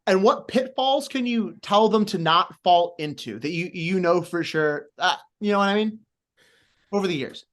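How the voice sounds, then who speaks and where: A man's voice: high voice, normal speed. A man who wrestles, asking for advice in a rambling way, full of "like" and false starts. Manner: rambling, many fillers and restarts, eager and apologetic. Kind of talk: casual interview questions.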